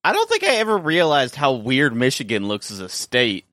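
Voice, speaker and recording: A podcast co-host in casual chat, asking curious, animated questions. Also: medium pitch, normal speed, no echo, studio quality.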